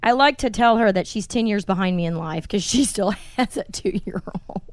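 A woman in her forties hosting a casual podcast, telling stories in a blunt, animated way and swearing freely. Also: mid-range voice, moderate pace, no echo. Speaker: podcast host.

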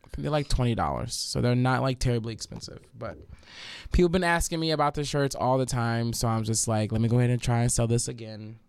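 A man hosting a casual podcast who tells stories in an animated, profane way and acts out what other people said. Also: mid-range voice, fast, gravelly, clear, resonant tone, no echo. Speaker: podcast host. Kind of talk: casual storytelling chat.

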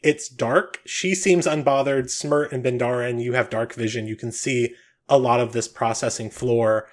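A man runs a tabletop game as game master, describing scenes in a relaxed, unhurried way. He stays mid-pitched and easygoing as he narrates. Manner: relaxed, with frequent "um"s.

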